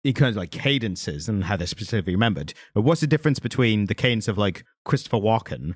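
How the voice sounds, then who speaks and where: A man's voice: on the low side, lively intonation, quick pace, no echo, clean studio sound. A man co-hosting a podcast in casual chat, telling rambling stories full of fillers and tangents. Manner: rambling, tangent-prone storytelling with frequent fillers. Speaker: podcast co-host.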